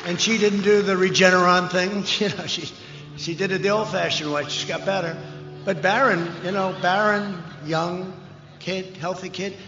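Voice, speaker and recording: A man delivers a rambling rally speech in a fairly high voice, with mocking asides and the odd shouted line. The sound is dull and lo-fi, with a long reverb over it. Music plays clearly behind him. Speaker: political candidate speaking at a rally. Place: large rally venue.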